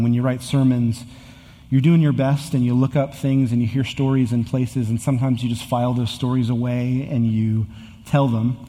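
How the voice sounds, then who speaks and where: A man's voice: medium pitch, mellow, long reverb tail. A man in his thirties preaching a sermon as a pastor, earnest and building to emphatic repetition. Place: church sanctuary with long reverb.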